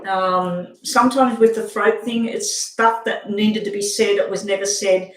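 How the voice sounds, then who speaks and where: A tarot reader doing a live reading for a viewer, speaking haltingly with frequent ums. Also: medium pitch, steady tone. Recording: echoey room.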